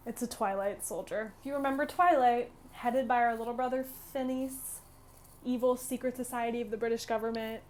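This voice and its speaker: Chatty twenty-something woman who recaps a game with a lot of "like" and a slightly high voice. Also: steady tone, brisk, darkish tone. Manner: chatty, peppered with "like", acts out lines. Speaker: student gamer retelling a visual novel. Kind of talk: casual game recap vlog.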